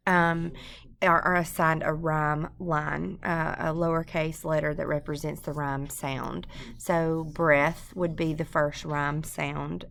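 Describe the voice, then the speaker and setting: A woman teaches a poem in a recorded screencast, talking at an unhurried, deliberate pace. Her voice sits low with a gravelly edge, and she fills pauses with ums and restarts. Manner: unscripted, many ums and restarts. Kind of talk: screencast poetry lesson.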